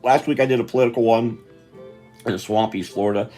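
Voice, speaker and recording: A man's voice: medium pitch, steady tone, fairly quick, mellow, soft background music. An older man chatting on a live stream while he draws, rambling and interrupting himself, tired. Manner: meandering, self-interrupting, chatty.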